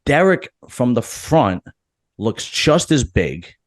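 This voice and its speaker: A man's voice: medium pitch, sing-song, takes it slowly, dry recording, studio quality. A man hosting a casual podcast, joking and swearing, with lots of restarts. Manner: loose, swearing, jokey, frequent restarts. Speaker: podcast host. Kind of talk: casual locker room chat.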